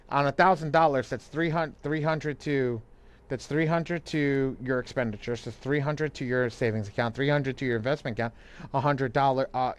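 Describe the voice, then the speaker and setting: A man co-hosting a live online money class, talking loosely with lots of restarts and easy laughter. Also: medium pitch. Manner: loose and rambling, frequent restarts, laughs easily. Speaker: co-host and credit coach.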